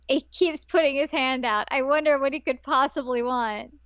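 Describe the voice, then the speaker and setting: Female co-host, higher voice, animated chatty recap, dry muffled podcast audio. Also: moderate pace, hardly any pauses, no echo. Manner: animated, acts out characters' lines with laughs. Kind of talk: casual anime review chat.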